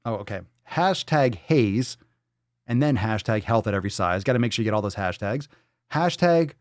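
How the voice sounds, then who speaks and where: A man hosting a live podcast, ranting in a profane, sarcastic, mocking way, jumping from loud outbursts to muttered asides. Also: on the low side, no echo, clean studio sound. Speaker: podcast host. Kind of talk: live-stream podcast rant.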